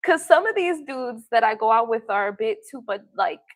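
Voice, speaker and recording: A woman's voice: fairly high pitch, lively intonation, normal speed, no room sound. Blunt, profane woman telling stories. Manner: blunt, profane storytelling with frequent laughs. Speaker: tarot reader and livestream host. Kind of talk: casual livestream chat.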